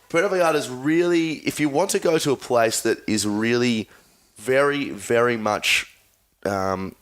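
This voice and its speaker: A young Australian man co-hosting a casual podcast chat, playful and quick to laugh. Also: lowish voice. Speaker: podcast co-host.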